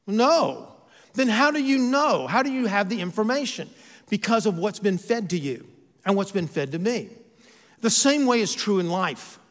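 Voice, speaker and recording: A man's voice: sits high, very animated, normal speed, in a large hall. A man who is a pastor, preaching a sermon and asking his listeners rhetorical questions, his volume rising and falling.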